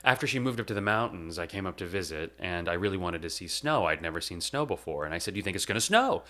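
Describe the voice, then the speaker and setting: Deep-voiced man giving a reflective eulogy. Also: lively intonation, fairly bright tone. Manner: measured and reflective, with slow emphatic pauses. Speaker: podcast host. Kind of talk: delivering a spoken eulogy.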